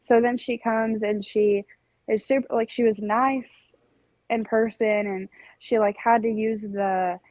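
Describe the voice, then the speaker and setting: A woman's voice: mid-range voice, a little slow, no echo, rough recording. A young woman co-hosting a podcast, rambling through a story in casual chat. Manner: rambling, animated storytelling with laughs. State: recovering from strep throat. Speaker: podcast co-host.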